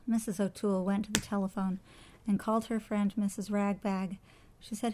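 A woman narrating a children's storybook aloud with an expressive storytelling delivery. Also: mid-range voice, moderate pace.

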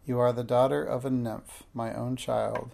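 A man reading aloud, voicing a beautiful, gentle female nymph mother with a soft, lilting delivery, in a low, gravelly, mellow voice. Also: little pitch movement, normal speed.

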